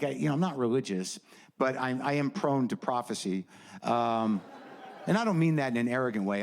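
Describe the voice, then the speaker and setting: A man doing a stand-up set, rambling and self-doubting, bluntly honest in his asides. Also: medium pitch. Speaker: stand-up comedian. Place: comedy stage with a laughing audience. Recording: live room noise.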